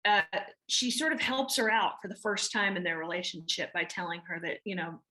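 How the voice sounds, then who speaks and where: A woman's voice: on the low side, lively intonation, fairly quick, bright, forceful tone. A woman with a Southern American accent, an actress answering interview questions in a chatty way with many restarts and fillers. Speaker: actress guest.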